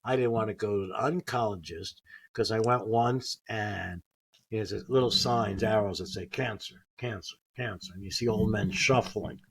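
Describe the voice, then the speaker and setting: A man's voice: lowish voice, normal speed, gravelly, husky. An older man, a comedian, telling personal stories casually and acting out what others said. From United States. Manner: animated anecdotes, acting out quotes. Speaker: guest comedian. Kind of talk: casual storytelling.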